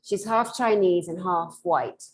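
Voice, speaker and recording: A woman's voice: on the low side, unhurried, low-quality recording. A woman telling an anecdote casually, rambling and correcting herself as she goes. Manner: rambling, self-correcting, animated. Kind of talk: casual storytelling.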